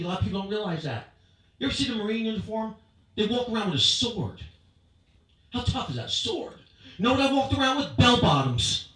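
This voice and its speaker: High-voiced male stand-up comic. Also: heavy reverb, distant mic, low-quality recording. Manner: punchy, animated crowd work. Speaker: stand-up comedian. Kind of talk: stand-up comedy set. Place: comedy club stage before a live audience.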